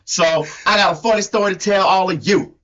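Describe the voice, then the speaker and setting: A man's voice: high voice, fairly even intonation, fairly quick, bright, forceful tone. A man putting on a Southern US country drawl to play a rowdy cowboy storyteller, telling a crude comic tale in a boisterous, folksy way. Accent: put-on Southern US country. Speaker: co-host. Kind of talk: comedic improvised storytelling. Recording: dull lo-fi recording.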